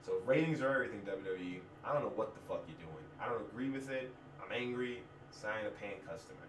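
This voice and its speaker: A frustrated man rants straight to his viewers, swearing freely and restarting his sentences. His voice sits a little low. He sounds set back from the mic in a roomy, echoing space. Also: lively intonation, fast talker, slight background noise. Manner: frustrated, profane, rambling with restarts. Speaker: musician venting to viewers. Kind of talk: casual rant to camera. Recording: echoey room, distant from mic.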